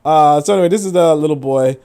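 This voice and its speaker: A man's voice: fairly high pitch, fast talker, dark tone, smooth. A young adult man hosting a casual, profane commentary stream and reading comments aloud. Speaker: show host.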